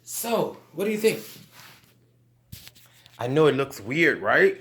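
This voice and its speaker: A man hosts a gardening channel in a casual how-to vlog, walking viewers through a hands-on project and often calling them "you guys." His voice is on the high side and sing-song, slow with long pauses and a fairly bright tone, recorded in a roomy space.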